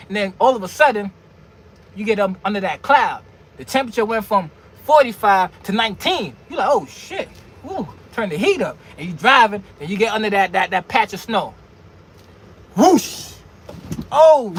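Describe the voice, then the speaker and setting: A man's voice: high-pitched, fairly bright tone, slight background noise. A truck driver vlogging a casual, slangy rant, repeating and restarting words as he mocks other drivers. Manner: slangy, repetitive, stammering restarts, mocking. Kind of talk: casual ranting monologue.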